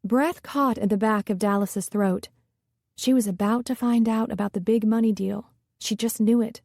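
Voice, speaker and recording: A woman narrating a romance audiobook with a smooth, steady reading. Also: fairly high pitch, moderate pace, no room sound, clean studio sound. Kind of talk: scripted narration.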